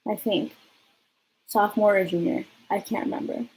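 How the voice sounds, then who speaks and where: A young woman in her twenties spins a casual storytime for her viewers at a middle pitch. She talks in a loose, chatty way and fills her sentences with "like". A faint hiss sits under her voice. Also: moderate pace, poor audio. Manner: chatty, peppered with "like", lively retelling. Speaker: vlogger.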